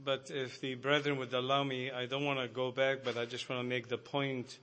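A man's voice: medium pitch, level tone, brisk, fairly bright tone, a little hiss or hum. A man preaching a sermon to a congregation, earnest and growing emphatic.

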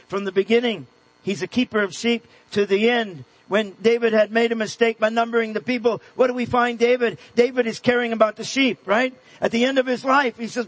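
Male preacher, high husky voice, earnest sermon delivery with hushed asides. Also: rough recording. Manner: earnest preaching, dropping to a hush for tender points.

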